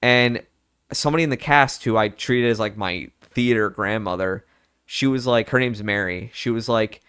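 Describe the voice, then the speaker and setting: A man's voice: on the low side, moderate pace, fairly bright tone, clean tone, no room sound, studio quality. A young man vlogging in a candid, rambling way, full of fillers and quoted thoughts. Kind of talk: personal casual chat.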